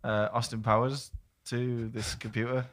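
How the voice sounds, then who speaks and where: A man's voice: mid-range voice, level tone, normal speed, no echo, clean studio sound. A man running the recording, chatting offhand and distracted. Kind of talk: casual chat.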